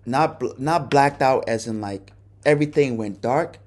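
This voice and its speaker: A man's voice: mid-range voice, moderate pace, darkish tone. A man hosting a podcast, telling a personal story in a candid, casual way and cursing often. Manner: candid, profane, conversational. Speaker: podcast host.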